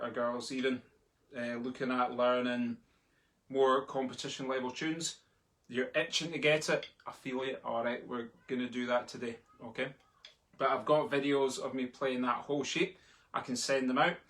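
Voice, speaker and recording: A man's voice: mid-range voice, a bit bright. A man teaching a live online drumming lesson from home, chatty and chanting the sticking aloud as he plays. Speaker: drumming tutor. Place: home room. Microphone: laptop in front of him. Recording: noisy, with drumstick clicks behind.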